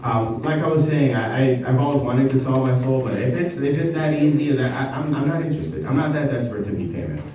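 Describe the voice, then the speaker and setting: A man doing a stand-up comedy set in a basement venue, talking in a halting, self-deprecating way with many ums. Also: mid-range voice, lively intonation, warm tone. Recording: echoey basement room, mic from far off.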